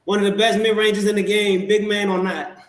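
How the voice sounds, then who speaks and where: A man as a podcast guest, talking basketball in a relaxed, rambling way with many fillers and restarts. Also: high voice, brisk. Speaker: podcast guest, Sixers fan. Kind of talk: casual sports talk. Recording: echoey room.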